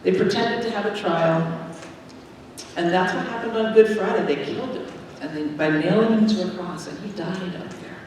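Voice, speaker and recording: A woman minister telling a simple story to children during a church service, in a gentle, plain way. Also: mid-range voice, normal speed, a little hiss or hum. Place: large church sanctuary. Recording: echoey sanctuary from far off.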